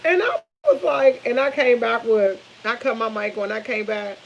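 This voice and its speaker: With vocal fry in a voice on the high side, a woman in her fifties talks at a normal speed over dull audio and slight background noise. She's a vlogger cooking at home, a faint sizzle audible, chatting away with animated stories, laughs, and plenty of "y'all."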